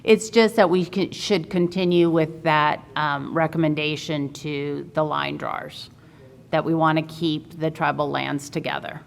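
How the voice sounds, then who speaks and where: A woman commissioner speaking in a public meeting over a video call, halting, with frequent ums and restarts. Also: deep voice, steady tone, creaky. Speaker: redistricting commissioner.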